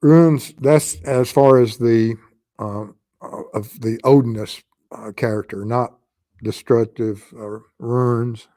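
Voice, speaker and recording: A man with a Southern US accent hosting a true crime live stream, answering chat questions in a halting way with many pauses. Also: lowish voice, steady tone, dark tone, no echo. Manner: halting, with frequent pauses and fillers.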